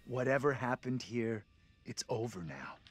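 A man voicing a calm, level-headed, reassuring man in a video game. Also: medium pitch, a little slow, breathy edge.

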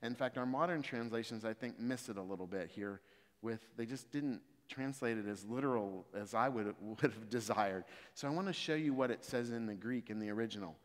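Man, preacher, sermon, middle pitch, emphatic, long reverb. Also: a little fast. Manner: builds from quiet explaining to loud emphatic exhortation. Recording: reverberant hall.

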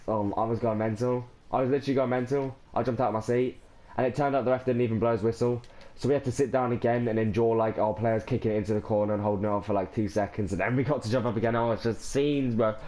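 Overjoyed Irish teen lad vlogging. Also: male voice, medium pitch, fairly even intonation, quick pace, mellow. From Ireland. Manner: overwhelmed, breathless, rambling with restarts and sighs. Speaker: gaming vlogger. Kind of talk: excited casual vlog to camera.

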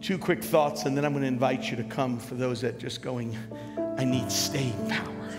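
Older pastor preaching in a reverberant hall. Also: male voice, mid-range voice, normal speed. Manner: conversational storytelling, lively. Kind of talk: sermon. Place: large conference hall. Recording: live hall reverb with music behind. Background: music.

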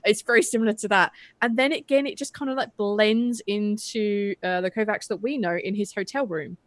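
A woman's voice: medium pitch, brisk, no room sound. A woman co-hosting a podcast, chatting casually about a TV episode, with lots of "like" fillers and casual swearing. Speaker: podcast co-host. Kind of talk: casual TV recap chat.

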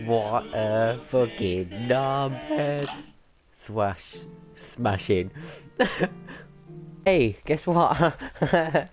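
A young British man swearing and joking as he hosts a let's-play of a cartoon game. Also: mid-range voice. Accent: British English. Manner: crude, jokey, loud. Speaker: gaming channel host.

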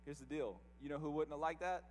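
A man delivers an emphatic sermon, his voice sitting high for a man. He keeps asking the congregation rhetorical questions. The church echoes long behind him, over a faint hum. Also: fast, darkish tone. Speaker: pastor. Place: church service.

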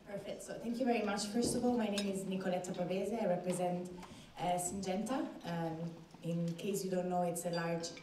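A woman's voice: medium pitch, mellow. A woman representing a company, asking a polite, businesslike question from the floor at a forum. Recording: echoey hall, distant mic, faint noise.

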